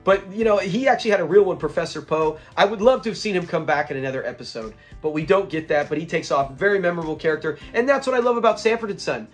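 A young man casually breaking down a sitcom episode, excitable and often laughing as he retells scenes. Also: high voice, fast, few pauses, soft background music. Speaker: show reviewer.

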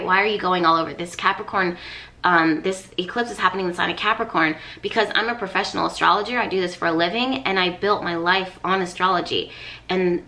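A woman talks straight to her viewers through an astrology reading, earnest and coaching, often restating a phrase to press a point home. Her voice sits a little low for a woman yet sounds clear and bright. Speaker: astrologer and tarot reader. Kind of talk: casual spoken astrology reading.

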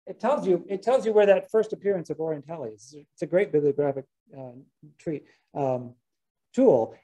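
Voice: medium pitch, warm tone, rough recording. A botany lecturer giving a casual talk to gardeners, chatty, often restarting sentences and dropping wry asides.

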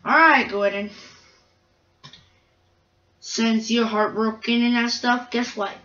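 A woman's voice: a little high, fairly bright tone, reverberant, far from the mic, muffled recording, slight background noise, close to an everyday voice. A woman voicing a cross, bossy male railway controller in a fan-made toy train story.

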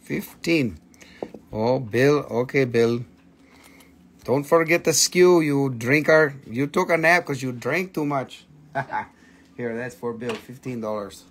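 A man's voice: medium pitch, slow pace, a bit bright. A man hosting a live-stream sale, playful and joking, bantering with viewers and himself into a phone. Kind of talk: live-stream sales pitch.

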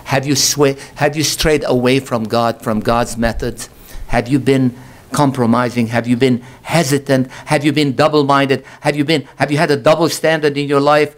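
A male pastor delivering a sermon, questioning his congregation and rising to slow, emphatic peaks. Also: fairly even intonation. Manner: impassioned, swells to high emphatic peaks, slow drawn-out stresses; calls out rhetorical questions to the congregation.

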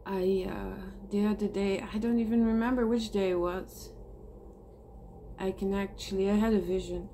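A woman's voice: medium pitch, steady tone, moderate pace, warm tone, a little hiss or hum. A woman talking earnestly and emotionally to her viewers in a heartfelt monologue, swearing casually. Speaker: spiritual vlogger.

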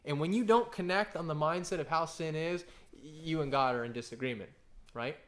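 A man's voice: a little high, moderate pace. A man in his thirties preaching a conversational sermon, telling stories and often checking in with "right?". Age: 30s. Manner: conversational, story-driven preaching with frequent "right?" asides. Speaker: pastor.

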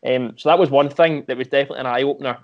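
A young man with a Scottish accent talks through his football days in a relaxed interview. His speech is halting, full of repeated words and fresh starts. The audio sounds slightly muffled, like a remote recording. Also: medium pitch. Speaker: former footballer, podcast guest. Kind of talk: casual interview chat.

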